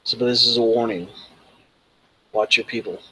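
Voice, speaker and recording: A man's voice: mid-range voice, steady tone, moderate pace, bright, forceful tone, husky, no room sound, rough recording. Brash male goblin, blunt and swaggering, played by a man, dry mic. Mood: warning.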